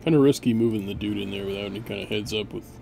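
A man's voice: on the low side, rapid-fire, gravelly, dark tone, soft background music. A man hosting a gameplay video, chatting casually and barking mock-grand orders at his units with a sarcastic edge.

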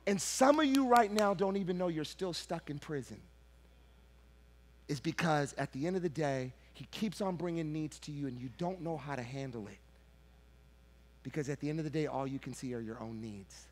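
In a church sanctuary, a middle-aged pastor delivers a sermon that swings from loud shouting to hushed, low confession. When he gets worked up, he repeats his words.

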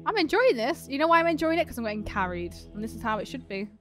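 A woman's voice: a little high, sing-song, fast, fairly bright tone, soft background music. Woman bantering over gameplay. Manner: swearing, laughing, teasing banter. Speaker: co-host gaming streamer. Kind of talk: casual gaming chat.

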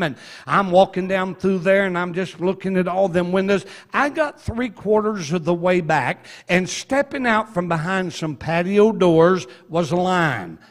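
A man preaching a revival sermon in a church, telling folksy stories with slow emphasis and quick asides. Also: high voice. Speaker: evangelist. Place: church sanctuary.

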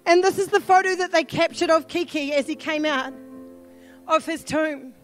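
A woman pastor with a New Zealand accent preaching a sermon, earnest and pleading, building at times to shouts. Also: sits high, normal speed, soft background music.

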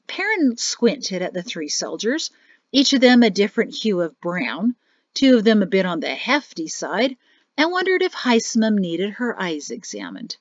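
A woman narrating an audiobook in a lively, expressive storytelling manner. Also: medium pitch, moderate pace, dry recording. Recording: dry, slightly muffled audio.

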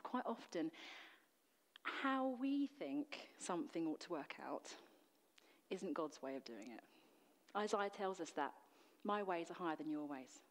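A woman's voice: on the low side, big-room sound. A woman preacher delivering a sermon in an earnest, emphatic way, full of rhetorical questions. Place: church.

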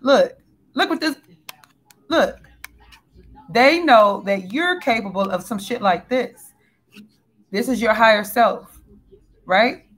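A woman's voice: a little high, animated, slow, long pauses. A woman giving a casual spiritual tarot reading, talking bluntly and animatedly, with frequent swearing. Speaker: tarot reader.

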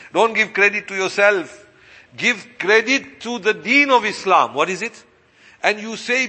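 A man's voice: high-pitched, lively intonation, measured pace, bright, forceful tone, breathy edge. A man giving a sermon as an imam, asking his listeners rhetorical questions and repeating his points. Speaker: imam and preacher. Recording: long reverberant hall.

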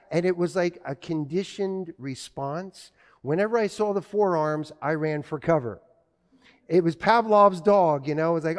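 A man's voice: a little high, normal speed. A middle-aged man preaching a sermon, telling stories from his childhood and acting out family dialogue. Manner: storytelling, acts out family dialogue. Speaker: pastor. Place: church. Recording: reverberant church hall.

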